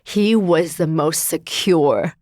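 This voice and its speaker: A woman's voice: low-pitched, slow, darkish tone, dry recording, clean studio sound. A woman in her thirties, a guest in an interview, talking candidly and searchingly about her life with many filler words. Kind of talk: reflective personal conversation.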